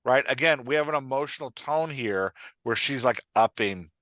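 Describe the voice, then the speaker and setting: A man hosting a podcast, coaching a writer in casual chat and reading dialogue lines aloud with lively shifts of tone. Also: medium pitch, normal speed, no echo. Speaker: writing coach, podcast host.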